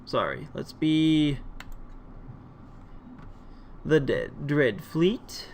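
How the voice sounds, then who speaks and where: Brief: unhurried male game commentator, slightly high voice, faint hum behind. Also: vocal fry. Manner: relaxed, many fillers, rambling. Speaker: gaming video host. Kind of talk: casual gameplay commentary.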